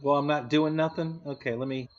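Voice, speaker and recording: A man's voice: a little high, steady tone, fairly quick. A man hosting a casual live stream, answering chat with jokes and frequent laughter. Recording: dull lo-fi stream audio.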